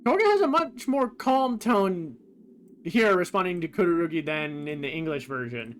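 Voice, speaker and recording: A man's voice: high voice, lively intonation, moderate pace, slight background noise. A man streaming a game, casually thinking aloud and reading quoted lines in a plain voice. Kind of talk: casual commentary on a game's translation.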